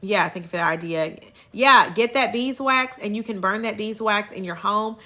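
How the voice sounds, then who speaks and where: Upbeat woman with a bright, forward voice; a chatty livestream host who breaks off to thank viewers. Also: medium pitch, normal speed, faint music behind. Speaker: herbal wellness livestream host. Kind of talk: casual livestream chat.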